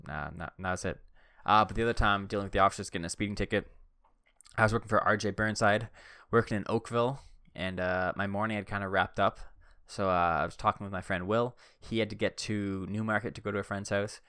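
A man's voice: on the low side, steady tone, quick pace, sharp tone, smooth, dry recording, clean studio sound. A young man hosting a podcast, telling rambling, self-deprecating stories with joking asides while seated indoors. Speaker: podcast host. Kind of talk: casual storytelling. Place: seated indoors on a swivel chair.

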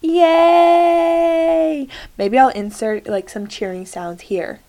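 A woman's voice: mid-range voice, steady tone, unhurried, warm tone. A young woman hosting her solo podcast in casual chat, talking to her listeners and joking at herself with many fillers. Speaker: podcast host.

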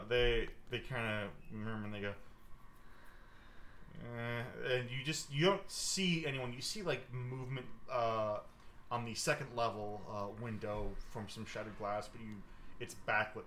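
A man's voice: fairly low pitch, steady tone, normal speed, a bit bright, slight background noise. A man narrating a tabletop game as game master, rambling with many fillers. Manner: rambling, filler-heavy narration with bursts of silly voices.

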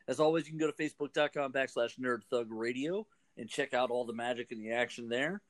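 Joking male radio host, easy banter. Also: mid-range voice. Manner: jokey, laughs easily, quick asides. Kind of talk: casual radio chat.

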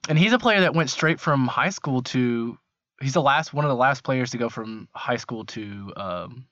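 Man, mid-pitched voice, easygoing hesitant explaining, dry room, muffled audio. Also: expressive, normal speed, fairly bright tone, no room sound. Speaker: podcast co-host. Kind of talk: casual chat.

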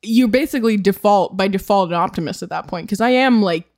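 A woman's voice: mid-range voice, fairly quick, darkish tone. A woman co-hosting a podcast, chatting casually with wry, amused remarks. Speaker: podcast co-host.

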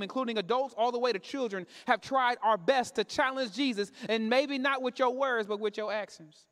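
A man's voice: extremely high pitch, a bit bright. A man preaching a sermon to a church congregation, talking conversationally and throwing questions out to the room for the crowd to answer. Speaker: pastor. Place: church sanctuary. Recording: reverberant church hall.

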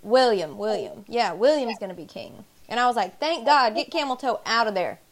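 A woman's voice: on the high side, expressive, moderate pace, a crowd in the background. A young woman co-hosting a podcast, chatting casually with a giggly, rambling, blunt way of talking. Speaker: podcast co-host. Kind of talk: casual chat.

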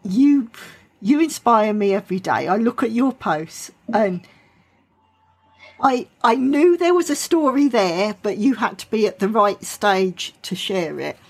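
A woman's voice: mid-range voice, lively intonation, unhurried, slightly rough. A woman interviewer, tearful and effusive, heaping emphatic praise on her guest. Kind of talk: audio interview.

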